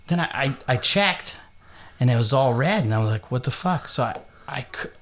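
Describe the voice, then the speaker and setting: A man's voice: mid-range voice, lively intonation, moderate pace, fairly bright tone. A man with young kids, a podcast co-host, tells a story in casual chat, laughing often and swearing a lot. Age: adult, father of young kids.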